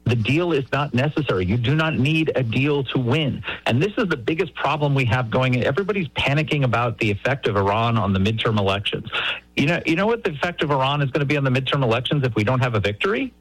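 A man's voice: medium pitch, lively intonation, quick pace, dry recording, rough recording. A man talking politics as a guest, emphatic, often repeating words as he starts a sentence. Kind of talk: animated political talk.

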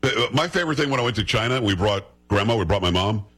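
Fast-talking, husky radio host. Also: male voice, fairly low pitch, lively intonation, a bit bright. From United States. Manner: blunt, fast-talking, teasing. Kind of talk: opinionated talk radio commentary.

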